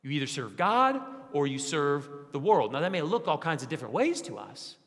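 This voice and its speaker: A man's voice: moderate pace, vocal fry. Young man preaching in a reverberant church. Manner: animated preaching with rhetorical questions, dropping low and quiet for emphasis. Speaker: pastor. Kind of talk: sermon. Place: church sanctuary. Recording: long hall reverb.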